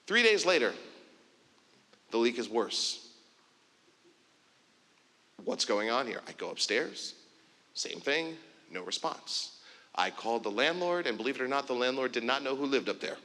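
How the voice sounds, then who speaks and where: A man giving a keynote speech, telling a story in an animated way and acting out the dialogue. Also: mid-range voice, unhurried, pauses often. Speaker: keynote speaker. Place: conference stage in a large hall. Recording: long hall reverb.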